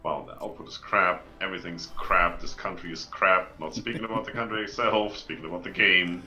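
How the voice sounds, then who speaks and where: A man's voice: low voice, steady tone, a little fast, bright, forceful tone, highs cut off, soft background music. A man co-streaming a strategy game, chatting casually with offhand, wry jokes. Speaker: let's play co-streamer. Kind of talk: casual co-op gameplay chat.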